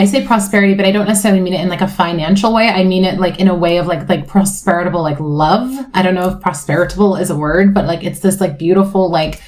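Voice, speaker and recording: A young woman talks through a tarot reading in a loose, rambling way, full of "like" and "you know." Her mid-pitched voice turns tender and emotional, and she swears casually. She often drifts into asides mid-sentence. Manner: rambling, emotional, swears freely, frequent "like" fillers. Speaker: tarot reader. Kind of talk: casual spiritual chat.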